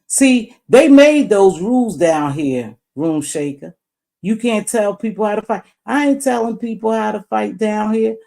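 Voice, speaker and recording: A woman's voice: medium pitch, lively intonation, measured pace, gravelly, dark tone. A woman hosting a live stream in a blunt, preachy rant, swearing freely.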